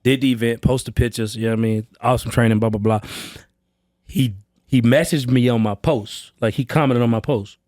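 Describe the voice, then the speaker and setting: A man, a sales trainer guest on a podcast, telling stories casually and slangily, acting out quotes with big jumps up in pitch. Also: fairly even intonation, fairly quick, darkish tone, no echo, clean studio sound. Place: indoor training space, live session.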